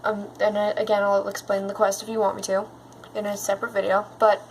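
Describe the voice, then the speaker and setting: A woman YouTuber telling stories in a casual vlog, chatty and excitable. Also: mid-range voice, a little fast, slight background noise, rough recording.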